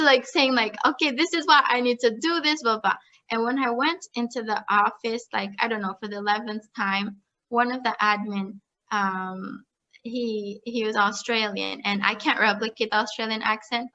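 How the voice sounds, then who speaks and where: A young woman telling her story as a podcast guest, chatty and animated, with lots of "like" and frequent laughter. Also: medium pitch, muffled recording. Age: young adult. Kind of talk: casual storytelling interview.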